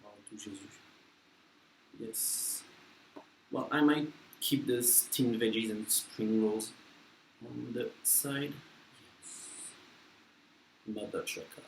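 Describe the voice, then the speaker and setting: A man's voice: medium pitch, takes it slowly, vocal fry, pauses often, noisy background. A man in his twenties, not an English speaker, chatting casually and self-deprecatingly through a mukbang vlog with plenty of fillers. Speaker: vlogger. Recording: echoey room with faint ambience.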